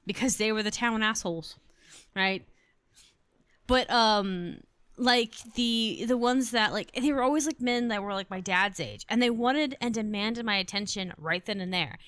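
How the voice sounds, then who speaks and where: A chatty young woman in her twenties rambles through stories as she hosts a gaming video. Her voice sits at an ordinary middle pitch. It is recorded dry, with no room echo. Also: measured pace, a bit bright, clear, resonant tone. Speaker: gaming channel host. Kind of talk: casual chat over gameplay.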